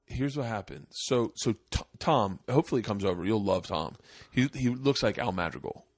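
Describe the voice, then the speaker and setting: A man's voice: on the low side, moderate pace, gravelly, no echo, studio quality. A man in his forties hosting a podcast, telling profane stories in casual chat. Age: 40s. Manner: animated, profane storyteller. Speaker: podcast host.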